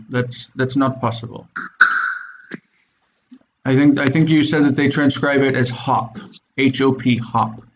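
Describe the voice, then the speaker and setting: Guy teaching over a video call, keeps asking okay?, kinda muffled audio, faint hiss. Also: medium pitch. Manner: explains step by step, checks in with "okay?". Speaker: Biblical Hebrew teacher. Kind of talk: online class lecture.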